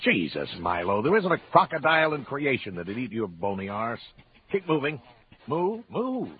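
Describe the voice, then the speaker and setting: An actor playing a blunt, weary judge in his eighties in a radio drama, gruff and dry. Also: medium pitch, sing-song, normal speed, lightly acted. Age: 80s. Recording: dull lo-fi radio broadcast with faint hiss.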